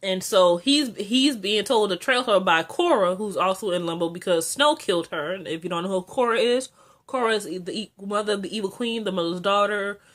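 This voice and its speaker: Talking briskly through a TV episode, this young vlogger is excitable and chatty, sprinkling in "like," fillers and tangents. Her typical mid-range female pitch leaps up whenever excitement hits.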